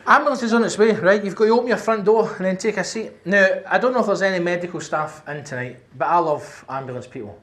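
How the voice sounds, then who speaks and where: High-voiced, sweary Glaswegian comedian. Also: male voice, fast, hardly any pauses. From Scotland. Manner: animated, sweary storytelling with acted-out shouts. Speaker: stand-up comedian. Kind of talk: stand-up comedy storytelling. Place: comedy venue with live audience. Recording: live stage mic, audience laughter.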